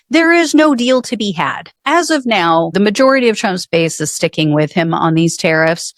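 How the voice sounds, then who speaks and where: A woman comments on the news in a skeptical, dismissive tone. Her pitch moves a lot as she talks. The sound is dry and close. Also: animated, moderate pace, few pauses, no room sound. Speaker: political commentator. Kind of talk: political commentary.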